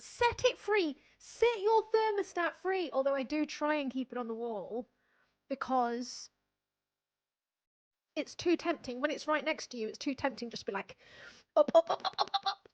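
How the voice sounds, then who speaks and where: A young woman chatting casually on a livestream, rambling and self-deprecating, laughing often. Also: high voice. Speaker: streamer.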